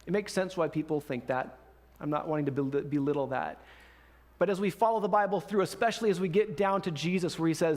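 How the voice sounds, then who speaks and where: A man pastor giving a sermon in a conversational, storytelling way with casual slang. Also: fairly high pitch.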